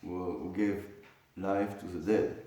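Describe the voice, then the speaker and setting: A man giving a scripture class in a temple hall, halting and repeating words, with many fillers. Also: deep voice, little pitch movement, dark tone. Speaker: lecturer on scripture. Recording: distant echoey hall mic, faint noise.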